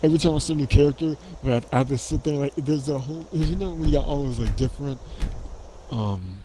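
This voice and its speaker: A man's voice: medium pitch, quick pace, warm tone, slight background noise, low-quality recording. A man chatting casually as a guest, rambling on with lots of fillers and restarts. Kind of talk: casual chat.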